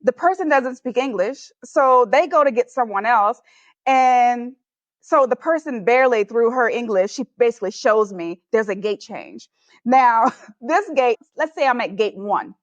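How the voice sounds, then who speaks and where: Podcast guest: a high-pitched woman, animated and laughing as she tells her story, on a dull, dry recording. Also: measured pace, dry recording. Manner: animated, laughs often while telling. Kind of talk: personal storytelling in an interview.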